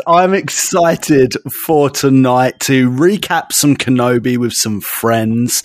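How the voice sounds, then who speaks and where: A man's voice: medium pitch, slow, hardly any pauses, no echo, clean studio sound. A man co-hosting a podcast in casual chat, jokey and bantering, often repeating himself. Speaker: podcast co-host.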